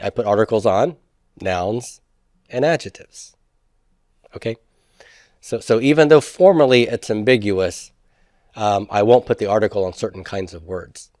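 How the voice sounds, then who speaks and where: A man at an ordinary middle pitch gives a grammar lecture. He talks things through by posing questions and then answering them. The sound is dry and close, with no room echo. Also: a little mellow. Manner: explanatory, asks rhetorical questions and answers them. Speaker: Hebrew instructor. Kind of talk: classroom lecture.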